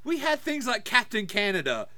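A podcast co-host with a high, lively voice that leaps up and down as he vents. His tone is bright and sharp, and he swears freely in casual banter. The sound is close and dry. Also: moderate pace, dry recording. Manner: crass, animated, profane ranting.

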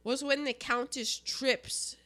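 A woman co-hosting a casual chat about a film, animated and jokey, acting out quotes as she talks. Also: high-pitched, takes it slowly. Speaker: podcast co-host.

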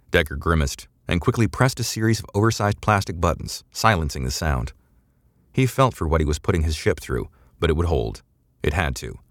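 Very deep-voiced male narrator. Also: fairly bright tone, dry recording, studio quality. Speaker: audiobook narrator. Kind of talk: scripted narration.

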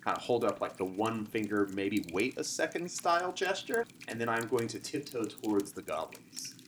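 A man's voice: fairly low pitch, big pitch swings, moderate pace. A man playing a tabletop game, describing his character's actions in theatrical detail. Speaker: player. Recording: faint background noise.

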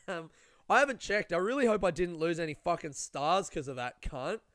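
A man's voice: a little high, moderate pace, a bit bright, no echo, clean studio sound. Sweary young Australian man telling stories. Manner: sweary, rambling, self-mocking. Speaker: comedian and podcast host. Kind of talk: casual storytelling.

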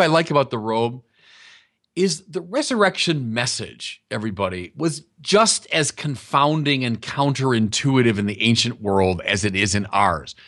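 A man preaching a sermon in a conversational, emphatic teaching manner, often speaking straight to his listeners. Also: mid-range voice.

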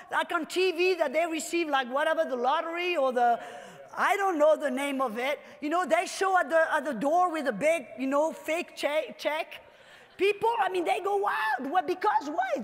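Lady preacher, really high voice, gets loud and fired up, big echo from the hall. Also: normal speed. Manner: animated, builds to shouts. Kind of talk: sermon.

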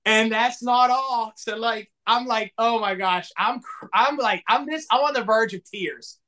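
Animated storytelling man from Pennsylvania. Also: unhurried. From southwestern Pennsylvania. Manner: animated, acts out dialogue with big swings in pitch. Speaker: podcast guest, toy collector. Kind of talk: casual storytelling.

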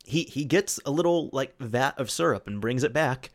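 A man hosting a solo podcast, casually telling a story with lots of restarts and animated retold dialogue. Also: medium pitch, normal speed. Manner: rambling, with many restarts and fillers; quotes friends in animated retellings. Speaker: podcast host.

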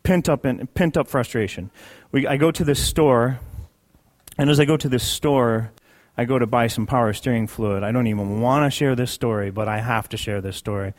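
A man's voice: mid-range voice, normal speed. A man sharing a personal testimony in a sermon, conversational and emphatic, repeating key phrases for weight. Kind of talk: sermon storytelling.

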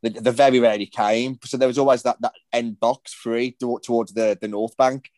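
A man's voice: mid-range voice, fairly even intonation, fairly quick, a little mellow, no room sound. A man, hosting a podcast and telling rambling anecdotes in casual chat. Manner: anecdotal, rambling storytelling with restarts. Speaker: podcast host.

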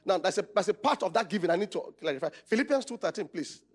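A man's voice: sits high, fast talker, faint music behind. A Nigerian male pastor preaching a conference sermon, calling out questions for the congregation to answer. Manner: call-and-response, shouting questions.

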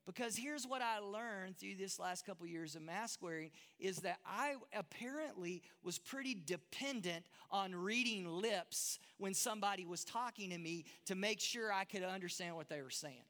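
A Texan pastor delivers a casual, self-deprecating sermon, often restarting words as he goes. His voice sits high and bright. A long reverb trails it through a large church hall. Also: normal speed, few pauses. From Texas.

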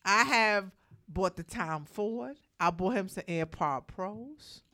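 A woman's voice: medium pitch, expressive, slow, sharp tone. A young woman co-hosting a radio show, joking and laughing as she chats on the mic. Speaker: radio co-host. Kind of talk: casual radio banter. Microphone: studio microphone.

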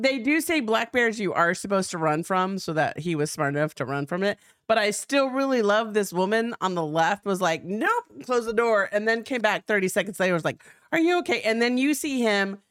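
A woman's voice: mid-range voice, normal speed, clean tone, dry recording, studio quality. A woman co-hosting a casual podcast, telling stories animatedly and teasing her co-host. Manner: animated storyteller, teasing back-and-forth. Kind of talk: casual chat.

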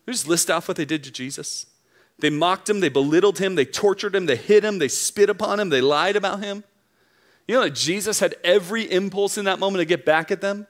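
A man preaching to a young adult crowd, his voice sitting a little higher than most men's. He talks earnestly and drives each point home through repetition. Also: brisk. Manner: earnest, emphatic preaching with repeated phrases. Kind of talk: sermon.

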